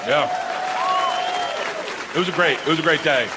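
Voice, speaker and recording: A middle-aged man works a stand-up stage, and his slightly high, animated voice jumps between stories and crowd banter. A live audience laughs and rumbles around him, and steady background noise sits under the mic. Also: normal speed. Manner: animated storytelling, acting out voices, crowd work. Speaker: stand-up comedian. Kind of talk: stand-up comedy set.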